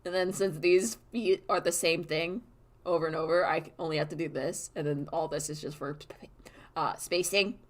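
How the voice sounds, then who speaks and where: A woman's voice: low-pitched, fairly even intonation, normal speed. A woman chatting casually on a live stream about her animation work, giggly and swearing freely. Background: song playing faintly.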